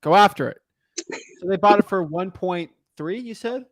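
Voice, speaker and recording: A man's voice: high voice, normal speed, dry recording, clean studio sound. A young adult man coaching callers on real estate deals live, direct and encouraging, checking in with the listener as he talks.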